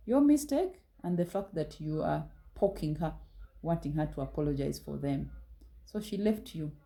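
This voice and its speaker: Her voice is low and mellow, though the audio quality is poor. In a reproving motivational talk about relationships, she speaks bluntly and fires sharp rhetorical questions at the audience.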